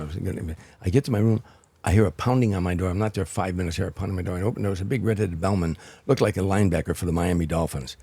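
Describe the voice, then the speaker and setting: An older man with a low, husky voice tells stories as a guest comedian, building anecdotes with restarts and repeated words. His delivery is that of a seasoned raconteur. The sound is dry and close, with no room around it. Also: no echo. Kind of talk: anecdotal storytelling in an interview.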